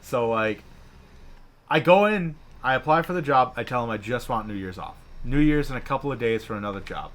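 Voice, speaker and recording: A man co-hosting a casual gaming chat, telling a profane, animated story and acting out the people in it. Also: mid-range voice, a little fast. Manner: profane, animated, acts out quoted bosses.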